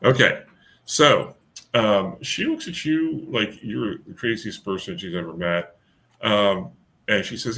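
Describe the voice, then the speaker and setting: A man's voice: fairly low pitch, takes it slowly, a bit bright, slight background noise. A man running a tabletop game as game master, narrating with many fillers and restarts.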